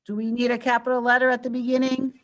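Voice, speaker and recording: A woman teacher runs an online grammar lesson in a slightly high, fairly flat voice at a quick pace. She patiently quizzes her students with coaxing questions and walks them through every answer.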